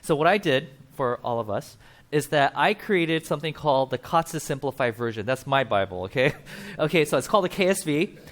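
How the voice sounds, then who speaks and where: Man, pastor, conversational sermon, slightly high pitch, explains with asides. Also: expressive, brisk. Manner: casual, explains with asides and acted-out quotes. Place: church.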